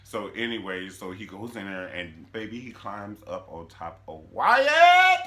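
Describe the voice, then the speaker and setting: A man hosts a comedic TV recap in a sassy storytelling style. His voice is bright and sharp, and it swings widely in pitch as he tells the story. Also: very animated, a little slow. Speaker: YouTube show recap host.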